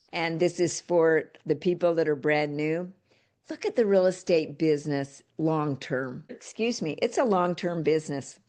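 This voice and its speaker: An older woman giving a motivational talk as a real estate coach, emphatic, folksy and direct. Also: on the low side.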